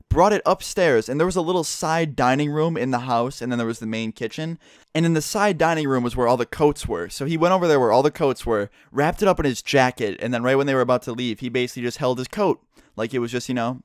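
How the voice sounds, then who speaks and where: Young male vlogger, rapid profane storytime delivery, dry close sound. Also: medium pitch, dry recording. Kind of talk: casual storytime.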